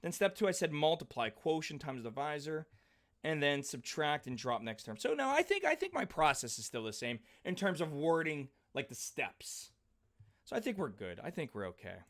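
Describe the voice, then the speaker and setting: A man in his forties runs a math lesson in a bright, forceful voice that sits a little high for a man. He talks in a chatty, animated way, calls on students by name, and breaks off into side stories. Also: normal speed. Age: 40s. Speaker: math teacher. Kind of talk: live class lecture with side stories.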